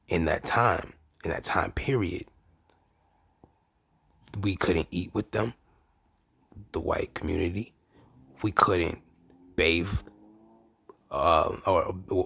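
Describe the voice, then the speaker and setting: Gravelly-voiced man hosting a podcast. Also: no echo. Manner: animated, profane, swings between low murmurs and loud bursts. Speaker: podcast host. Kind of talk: casual monologue.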